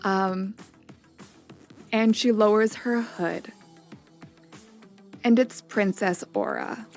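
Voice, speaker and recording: A woman's voice: a little high, a little mellow, soft background music. Chatty woman game master, many ums. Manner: chatty, lots of ums, quick asides. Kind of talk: narrating a tabletop game stream.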